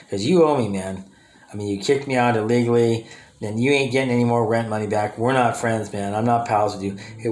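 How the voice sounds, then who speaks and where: A man's voice: medium pitch, darkish tone. Angry ranting guy calling people out to the camera, mid voice, echoey room. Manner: confrontational, addresses absent people directly; repetitive, restarts sentences. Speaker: vlogger. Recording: roomy echo.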